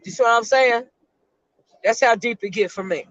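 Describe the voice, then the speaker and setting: A middle-aged woman, a retired school counselor, hosting an emotional live-stream chat and speaking haltingly to her viewers. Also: fairly high pitch, fairly bright tone, no room sound, dull audio. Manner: emotional, halting, repeats words while talking to her chat.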